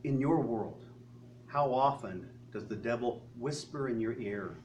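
Earnestly preaching a sermon, a male pastor peppers the congregation with rhetorical questions. His mid-range voice has lively intonation and an unhurried pace, picked up by a distant mic with a faint hum.

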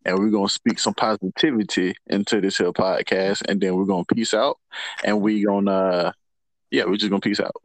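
A man hosting a podcast, joking and animated in casual chat. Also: on the low side, brisk, dry recording. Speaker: podcast host.

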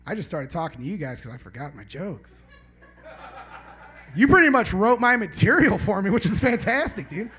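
A man in the middle of a loose stand-up set at a small club, talking high and swooping all over his range. He wanders off his jokes, swears freely and keeps teasing people in the audience. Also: very animated, normal speed, sharp tone. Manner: rambling, profane, bantering with the audience. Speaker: stand-up comedian. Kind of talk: live stand-up set with crowd banter. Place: small live comedy venue.

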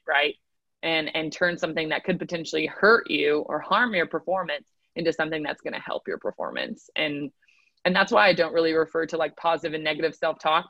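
A woman's voice: low-pitched, fairly bright tone, no echo, low-quality recording. A woman speaking as a guest coach in a casual podcast conversation, talking emphatically and checking in with "right?" again and again. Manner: emphatic, repeats "right?" often. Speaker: mental performance coach guest.

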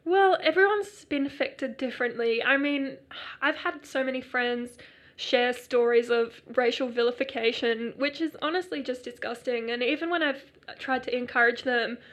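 Chatty woman, higher voice. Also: moderate pace. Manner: chatty, laughs often, many fillers. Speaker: podcast co-host. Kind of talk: casual podcast chat.

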